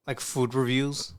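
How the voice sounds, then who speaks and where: A man hosting a reaction video, blunt and cursing, calling everyone "bro" and "dude". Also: medium pitch. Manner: blunt, swears freely, calls the audience "bro" and "dude". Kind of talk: casual reaction commentary.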